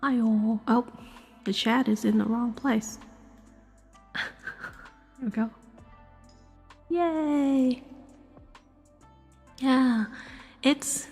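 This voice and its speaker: A young woman streamer with a voice roughened by a cold, chatting casually. She giggles often, fills her talk with "like," and sometimes drops into a whisper. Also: fairly high pitch. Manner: giggly, soft and filler-heavy, drifting into whispers. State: sick, slightly rough voice.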